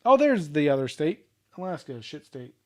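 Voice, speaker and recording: A young man banters as a podcast co-host, his voice pitched somewhat above most men's. He keeps things casual, teasing his friend and swearing freely. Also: very animated. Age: young adult. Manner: joking, profane, quick to tease. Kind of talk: casual chat.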